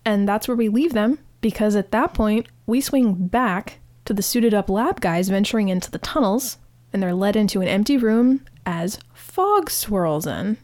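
A woman talks through a TV episode in a chatty, animated way, often restarting her sentences. Her voice sits at an ordinary middle pitch for a woman. The recording is dry and close, with no room sound. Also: moderate pace, dry recording. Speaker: podcast host. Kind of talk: casual episode recap.

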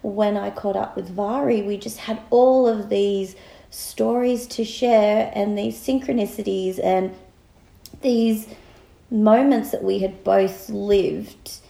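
A woman's voice: mid-range voice, fairly even intonation, slow, creaky, warm tone, reverberant, low-quality recording. A woman in her thirties with an Australian accent, co-hosting a casual podcast chat in a chatty, giggly way. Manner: chatty and giggly, with laughing asides. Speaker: podcast co-host.

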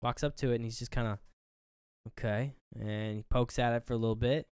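A man with a smooth, resonant voice, recorded close and dry with no room sound. He co-hosts a relaxed movie review chat and walks through each scene beat by beat, slipping into the characters' lines as he goes. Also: medium pitch, quick pace, dry recording. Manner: retells scenes play by play, acting out lines. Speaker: podcast co-host.

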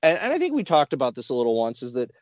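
Racing along in a mid-range voice with no room sound, a man co-hosts a podcast. He tells stories in casual chat, animated and acting out what people said.

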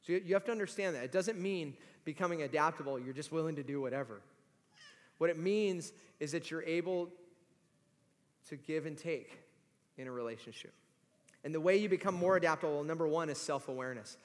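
Male pastor, 40s, high voice, lively sermon storytelling, long hall reverb. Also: a little fast. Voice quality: high voice that climbs to shouts in stories. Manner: animated storytelling, acts out quoted voices. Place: church sanctuary.

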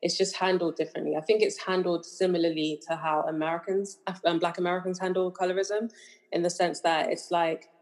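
A UK woman co-hosting a casual podcast chats things through with lots of fillers. Her British accent carries a Nigerian influence, and her voice is fairly low, level in tone and fairly quick.

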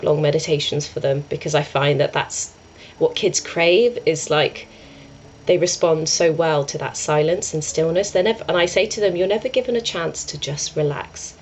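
A young woman with a low voice speaks with gravelly fry. She tells a story earnestly, restarting and circling back often. Faint noise sits under the recording. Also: moderate pace, poor audio. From England. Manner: earnest, rambling, many restarts and "I was like". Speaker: yoga and meditation teacher, podcast guest. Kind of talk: conversational storytelling.

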